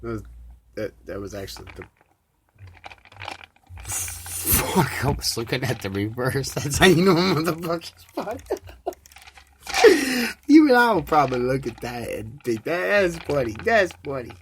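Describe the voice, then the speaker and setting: A man hosting a solo live podcast, ranting in a rambling, profane way, swinging from loud outbursts to low mumbles. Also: big pitch swings, unhurried, long pauses, slight background noise. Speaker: podcast host.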